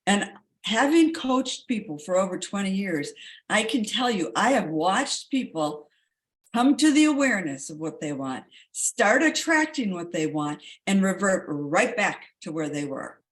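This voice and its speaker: Coach lady, emphatic, keeps repeating words like super super clear, average pitch. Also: very animated, unhurried. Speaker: wellness coach. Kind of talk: enthusiastic wellness talk.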